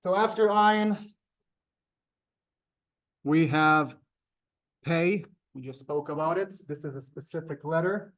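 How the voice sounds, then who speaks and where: A man teaching a live beginners' Hebrew class, halting and repeating words, polite to his students. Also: on the high side, fairly bright tone.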